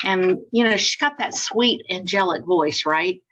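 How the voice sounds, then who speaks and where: A woman's voice: lowish voice, unhurried, fairly bright tone, dull audio. A woman trainer coaching sales agents on a video call, chatty and upbeat as she tells stories.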